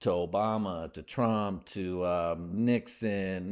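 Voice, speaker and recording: Podcast host, male, lowish register, loose rambling delivery. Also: a little slow. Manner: rambling, loose and joking, with lots of "you know". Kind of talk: casual chat.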